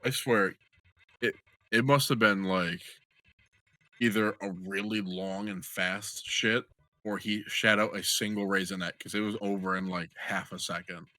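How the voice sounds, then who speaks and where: Give me a young man with a fairly low voice, animated and crude, spinning a funny story on a podcast. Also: a little slow. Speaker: podcast co-host. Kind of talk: casual storytelling chat.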